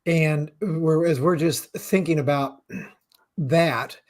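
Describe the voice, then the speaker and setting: A man hosting an interview, asking slow, halting questions and giving short affirmations. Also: on the high side. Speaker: host.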